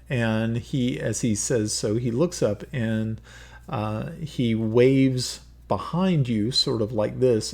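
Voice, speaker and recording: A man narrating a tabletop game as game master, halting with many fillers. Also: medium pitch, creaky, warm tone.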